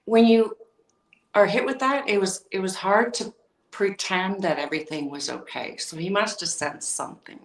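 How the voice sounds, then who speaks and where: A woman's voice: medium pitch, normal speed, roomy sound, recorded from a distance, low-quality recording. A woman as a podcast guest, telling an emotional personal story and acting out remembered conversations. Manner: emotional, recounting with quoted dialogue.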